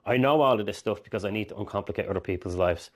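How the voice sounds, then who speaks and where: A man's voice: lowish voice, racing. A man speaking as a mindset coach, earnest and rambling, often acting out inner voices. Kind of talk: direct-to-camera coaching talk.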